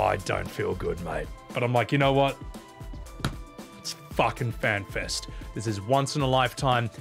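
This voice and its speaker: A man in a casual vlog, telling a trip story in an animated way, swearing freely. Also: mid-range voice. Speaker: vlogger.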